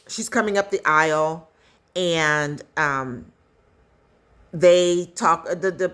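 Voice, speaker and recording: Woman, casual storyteller, chatty, animated asides. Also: sits low. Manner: chatty, animated retelling with acted quotes. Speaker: commentator recapping a skit.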